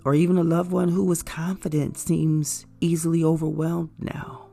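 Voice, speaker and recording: A woman giving an earnest, measured talk that gently explains things to caregivers. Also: sits low, level tone, creaky, soft background music. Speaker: caregiver educator. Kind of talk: informative talk to camera.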